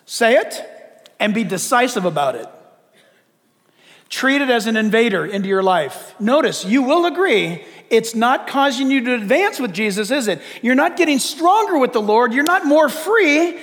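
A man preaching in a very high voice, animated and direct. He presses the congregation with questions. His words ring out with a long reverb through a large church hall. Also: normal speed. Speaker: pastor. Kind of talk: sermon.

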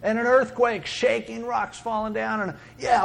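A man preaching a sermon, dramatic, swinging between loud exclaiming and hushed whispering. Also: very high-pitched, fairly even intonation, a little slow, vocal fry.

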